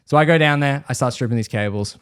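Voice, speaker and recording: A young man on a podcast, talking at an ordinary middle pitch in a loose, chatty way. He swears a lot and tells his story with energy. He often slips into the voices of the people he is telling about. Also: fast, smooth, no echo, studio quality. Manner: swears freely, animated storyteller who mimics others. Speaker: podcast host. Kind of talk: casual storytelling chat.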